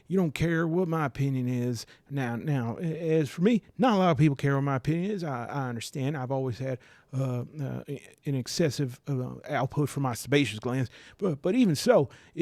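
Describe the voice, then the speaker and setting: A man's voice: a little high, dark tone, no echo, natural voice. A man voicing a nosy, overfamiliar young man who stammers and rambles.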